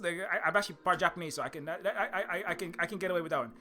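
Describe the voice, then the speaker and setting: A man's voice: high-pitched, rapid-fire, hardly any pauses, pushed and bright. A man giving rambling, sarcastic satirical commentary as a video essayist. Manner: rambling, sarcastic, many fillers and restarts.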